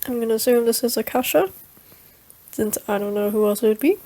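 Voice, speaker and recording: A woman's voice: fairly high pitch, a little fast, mellow, poor audio. A young woman casually reading through a game's story, joking and commenting between dialogue lines. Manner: playful, jokey, reads dialogue aloud. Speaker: streamer reading a game story. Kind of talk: casual read-through with asides.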